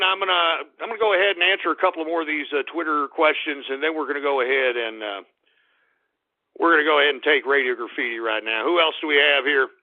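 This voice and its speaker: A middle-aged man with a rather high voice holds forth as a talk radio host, blunt and crude. The audio is narrow and tinny, like it's coming over a phone line. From Texas. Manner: blunt, crude, opinionated ranting. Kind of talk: ranting call-in radio talk.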